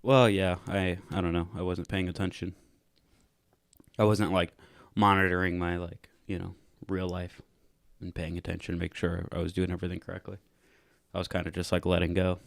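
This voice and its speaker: A young man with a very low voice chats on a podcast, wandering through his stories with "like" after every few words. His voice is close and dry, with no room sound around it. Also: level tone, normal speed, vocal fry, no echo. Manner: rambling, heavy use of "like" fillers. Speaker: podcast co-host. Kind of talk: casual chat.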